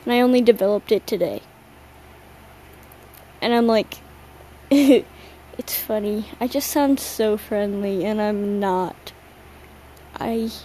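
A woman's voice: mid-range voice, dark tone, slight background noise, rough recording. A young woman hosting a solo podcast late at night, tired and yawning, rambling in a slangy, self-mocking way. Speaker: podcast host. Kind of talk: casual solo chat.

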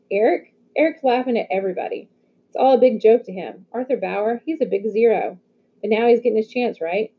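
A woman's voice: fairly high pitch, voice pushed up, natural voice. Earnest consoling teen boy, read by a woman, tinny phone-like audio.

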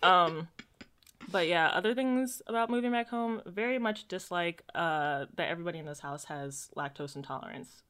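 A woman's voice: fairly low pitch, normal speed, clean tone. A woman in casual chat, telling stories and acting out quotes in big voices. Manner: animated storytelling, acts out quotes in big voices.

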